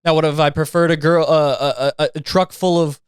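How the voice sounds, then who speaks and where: Smooth-voiced man, rambling podcast monologue. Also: fairly high pitch, steady tone, fairly quick, no room sound. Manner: rambling, profane, restarts and mimics others for laughs. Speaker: podcast host. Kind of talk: casual comedic monologue.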